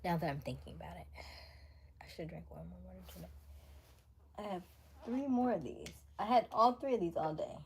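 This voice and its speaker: With a fairly low, creaky, somewhat mellow voice, a woman hosts a livestream at a brisk clip broken by long pauses. She reads viewers' comments aloud in casual chat, laughs frequently and slips into near-whispers, with slight background noise behind her.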